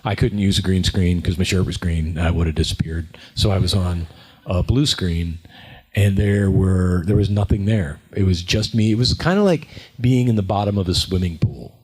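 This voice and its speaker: A middle-aged man answering fan questions at a convention panel, chatty and animated, acting out quotes as he tells stories. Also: low voice, normal speed, slightly rough. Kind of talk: casual storytelling Q&A.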